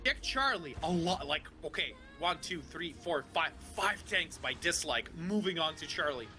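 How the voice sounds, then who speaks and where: High-pitched bright guy calling a tank match, jokey, excitable. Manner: excitable, jokey, quick to laugh. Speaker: esports commentator. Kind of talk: live game commentary. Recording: faint music behind.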